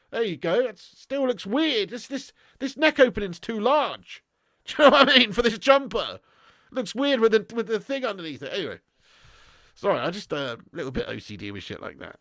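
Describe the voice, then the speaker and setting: Blokey stream host, high voice. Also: male voice, sing-song, normal speed, fairly bright tone, no echo, clean studio sound. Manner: blokey, sweary banter, calls viewers lad. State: tired. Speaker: football watch-along host. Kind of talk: live stream chat reading super chats.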